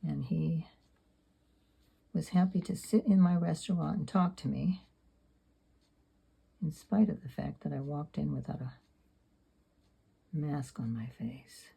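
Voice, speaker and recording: A woman's voice: deep voice, takes it slowly, vocal fry, pauses often, mellow, breathy edge. A woman in her seventies talking candidly and rambling a little as she paints in her sketchbook. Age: 70s. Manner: rambling, candid, self-deprecating. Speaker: sketchbook artist. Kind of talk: casual reflective talk while painting.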